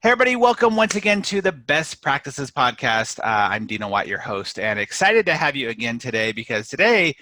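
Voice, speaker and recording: A man's voice: medium pitch, very animated, a little fast, few pauses, sharp tone, no room sound. A man hosting a podcast, upbeat and joking with his guest. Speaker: podcast host. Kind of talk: podcast interview.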